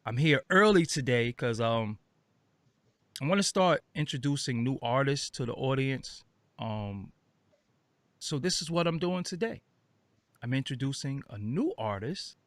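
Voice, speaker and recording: A man hosting an interview show, sounding tired and a bit raspy, talking in a loose, rambling way with lots of fillers and repeats. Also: expressive, unhurried, long pauses, no room sound. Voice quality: raspy, deeper than usual. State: tired, just woke up. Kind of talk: casual interview chat.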